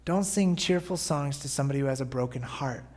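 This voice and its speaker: A man's voice: mid-range voice, fairly quick, darkish tone. A male pastor preaching a sermon in a conversational way, often checking in with his listeners. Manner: conversational, often asking "right?". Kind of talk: sermon podcast.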